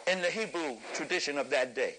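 A man giving an impassioned lecture to an audience, preacherly and emphatic, rising at times to a shout and chuckling through his points. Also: a little high, animated, brisk, a little hiss or hum, poor audio.

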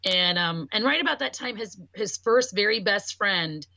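Bright-voiced woman telling a personal story. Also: medium pitch, lively intonation, normal speed, gravelly, no echo. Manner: voices quoted speech. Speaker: podcast talker. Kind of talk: casual conversation.

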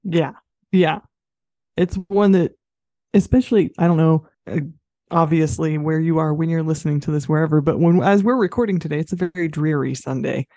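Woman chatting loosely about a movie, mellow tone, dry close mic. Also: deep voice, normal speed, no echo. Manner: chatty, easygoing, laughs often. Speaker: podcast co-host. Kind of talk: casual film review chat.

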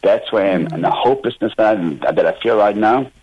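Despairing male caller, deep husky voice. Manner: halting, heavy-hearted. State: despairing, frustrated. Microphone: telephone. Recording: dull lo-fi phone line.

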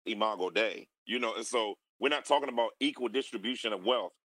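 A man's voice: on the low side, a little fast, fairly bright tone, no room sound, poor audio. Earnest man explaining in an interview. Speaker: interview guest in a clip. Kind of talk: conversational interview.

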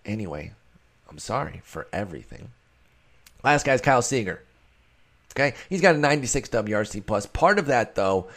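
A man hosting a solo fantasy baseball show, talking casually and rambling in a self-deprecating way. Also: mid-range voice. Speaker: fantasy baseball podcast host.

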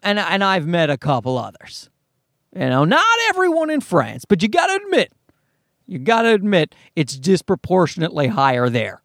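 A man's voice: high-pitched, wildly swooping pitch, normal speed, fairly bright tone, dry recording, clean studio sound. A man, likely in his thirties, telling a comic story as a profane, exasperated rant.

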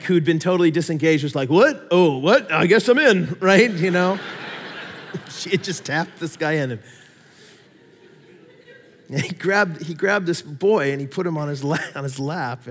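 Pastor, male, fairly high voice, animated sermon delivery, long hall reverb. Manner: animated storytelling, swings from loud emphasis to quiet asides.

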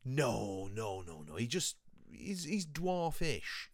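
A man's voice: medium pitch, sing-song, slow pace, dry recording. A man from England co-hosting a casual podcast, easygoing and chummy, telling anecdotes. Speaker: podcast co-host. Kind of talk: casual chat.

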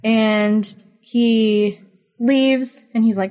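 A woman's voice: on the low side, steady tone, slow pace, darkish tone. A woman co-hosting a podcast, retelling an episode in chatty casual speech full of fillers. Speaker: podcast co-host. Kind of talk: casual chat recapping an episode.

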